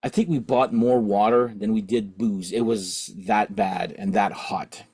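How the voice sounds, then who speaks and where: A man's voice: fairly even intonation, measured pace, darkish tone, breathy edge. A man hosting his rock channel, rambling through a story in a casual rant. He keeps correcting himself and asking "okay?", and he sounds tipsy. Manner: jumps higher in pitch and volume when quoting himself and his friend. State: drinking alcohol while recording. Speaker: host of a rock and vinyl channel.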